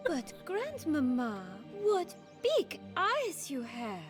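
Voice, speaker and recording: A woman's voice: extremely high pitch, wildly swooping pitch, slow, exaggerated voice. A teasing young noblewoman. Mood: playful. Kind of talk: video game voice acting. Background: game music.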